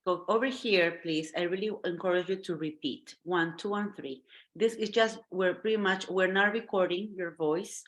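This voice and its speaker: A woman's voice: on the low side, normal speed. A woman teaching an online English class, encouraging her students and checking in with them often.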